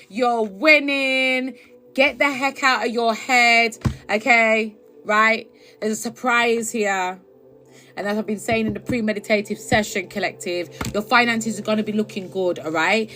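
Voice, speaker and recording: A woman's voice: medium pitch, pushed and bright. A woman giving a blunt, chatty tarot reading on a live stream from her phone. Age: adult. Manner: chatty, blunt, with frequent laughs and swearing. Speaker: tarot reader.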